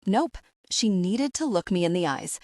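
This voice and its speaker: A woman narrating a first-person romance audiobook in a steady, even storytelling voice. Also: on the low side, normal speed, dry recording, studio quality.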